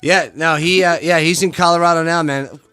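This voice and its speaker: Young male host, slightly higher voice, rambly and loose. Faint music bed. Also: fairly even intonation, a little fast, sharp tone. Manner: rambling, lots of fillers and slang. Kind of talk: casual chat.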